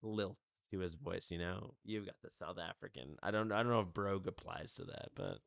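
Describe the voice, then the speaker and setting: Man, livestream host, casual and laughing, low voice, dry dull headset sound. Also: fairly even intonation, a little fast, creaky, no echo. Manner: laid-back, laughs often, talks to chat. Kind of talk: casual gaming livestream chat.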